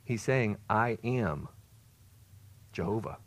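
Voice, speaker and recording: A man preaching a sermon, swinging between loud emphatic peaks and quiet low asides. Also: moderate pace, pauses often, dry recording. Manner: expressive, rises to loud emphasis then drops low. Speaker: pastor.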